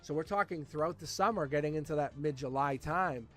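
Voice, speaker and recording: Animated man giving a tarot reading. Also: a little high, a little fast, faint music behind. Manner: animated, repeats phrases, frequent restarts. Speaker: tarot reader. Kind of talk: live-streamed tarot reading, casual.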